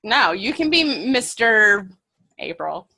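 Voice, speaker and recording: A young woman co-hosting a podcast and running a trivia game, teasing her partner with quick comebacks. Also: mid-range voice, big pitch swings, gravelly, sharp tone. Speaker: podcast co-host, trivia quizmaster. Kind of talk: casual chat.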